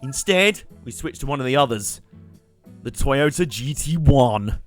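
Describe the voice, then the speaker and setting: A man's voice: medium pitch, animated, unhurried, faint music behind. A young man, chatting and joking while commentating his live gameplay stream. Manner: chatty, joking, rambling asides with laughs.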